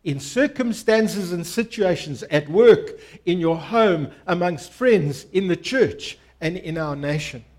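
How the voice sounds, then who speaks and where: A man's voice: high voice, lively intonation, takes it slowly, few pauses, darkish tone. A pastor preaching a sermon to his congregation, earnest and emphatic, repeating key phrases and inviting listeners to respond.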